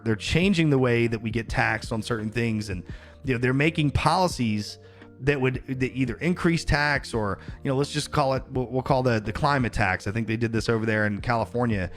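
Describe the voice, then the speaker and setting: A man's voice: mid-range voice, normal speed, faint music behind. A man ranting on a casual livestream, heated and profane, greeting viewers in between.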